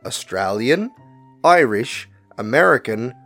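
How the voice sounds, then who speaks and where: A man's voice: mid-range voice, very animated, a bit bright, soft background music. A man co-hosting a casual podcast, reading quiz questions and answer options aloud with chatty asides. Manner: reads options slowly and deliberately, chatty asides. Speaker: podcast co-host and quizmaster.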